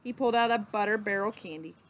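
A woman teacher reading a children's book aloud, slow and expressive with dramatic pauses. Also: mid-range voice, slight background noise.

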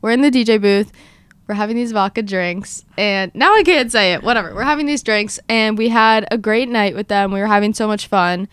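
A woman in her twenties hosting a podcast, telling a story in casual chat with lively, dramatic retellings of her own quotes. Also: mid-range voice, fairly quick, clean tone, dry recording. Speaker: podcast host.

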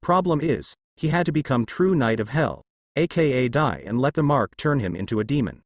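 A man narrating fan fiction in a plain, steady read-aloud manner. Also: mid-range voice, brisk, no echo.

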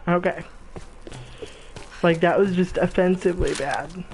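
A man's voice: high-pitched, fairly even intonation, a little slow, gravelly, faint music behind. A man commentating casually while playing a video game, reacting with frustration. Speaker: gameplay commentator. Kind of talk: casual let's-play commentary. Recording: gameplay with loud game noise.

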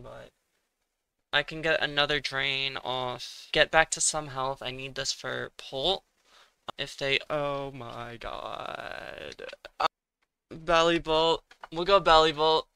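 A man's voice: medium pitch, a little slow, vocal fry, pushed and bright, clear, resonant tone, no echo. A young man giving casual commentary while he plays a competitive game, thinking aloud and muttering, with sudden exasperated outbursts. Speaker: gaming streamer.

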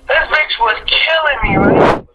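A man's voice: very high-pitched, animated, measured pace, highs cut off, heavy background noise. A young man telling a crude, profane roast of a friend, with exaggerated stories and acted-out quotes. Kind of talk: casual roast storytelling.

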